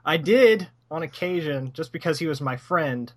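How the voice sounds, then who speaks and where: A man's voice: fairly high pitch, expressive, normal speed. A man co-hosting a casual podcast, blunt and profane, ranting about what annoys him. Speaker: podcast co-host.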